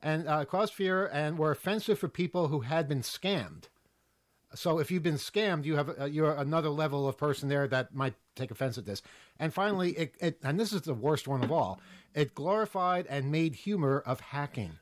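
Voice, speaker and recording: A man's voice: a little high, expressive, moderate pace. A man hosting a casual panel chat, reading a news item aloud with many fillers and wry asides. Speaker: host.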